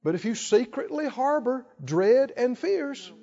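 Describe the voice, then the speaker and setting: Guy preaching, high voice for a man, stretches words out, big echoey hall. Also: expressive, measured pace, gravelly, mellow, muffled recording. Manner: emphatic, drawing out key words and prompting the crowd. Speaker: pastor. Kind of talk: sermon with call-and-response.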